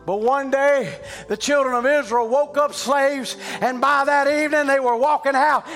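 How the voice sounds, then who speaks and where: A man preaching with a very high, bright, forceful voice. He moves from quiet, hushed passages to loud shouting in a preaching rhythm, with music playing softly behind him. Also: fairly even intonation, moderate pace. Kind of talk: sermon.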